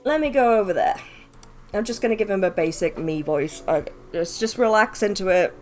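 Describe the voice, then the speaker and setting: A woman's voice: medium pitch, animated, normal speed, soft background music. A woman streaming a game live, chatting casually with viewers, swearing freely and joking about herself. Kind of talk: live-stream gameplay commentary.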